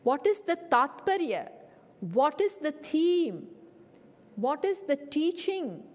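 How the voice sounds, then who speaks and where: A woman teaching Vedanta in a spiritual lecture. She asks rhetorical questions, answers them herself and repeats key phrases deliberately. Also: high voice, big pitch swings, a little mellow. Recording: long hall reverb.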